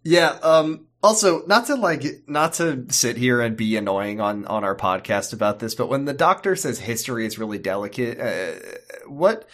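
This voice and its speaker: A man's voice: medium pitch, expressive, moderate pace, hardly any pauses, fairly bright tone. A man co-hosting a casual comedy podcast, rambling and joking. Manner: rambling, joking, often doing silly voices. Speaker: podcast co-host.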